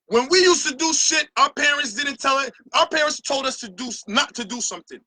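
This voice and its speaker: A man's voice: extremely high pitch, normal speed, pushed and bright, no echo. A middle-aged Barbadian man hosting his own opinion show, ranting passionately and profanely about a carnival. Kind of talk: opinion rant to camera.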